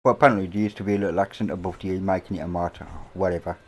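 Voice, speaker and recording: A middle-aged man with an English accent, hosting a casual livestream chat from a home, rambling and offhand with casual swearing, on a boom-mounted mic. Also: steady tone, very fast. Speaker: livestream host. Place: indoors at a home. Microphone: boom-mounted microphone.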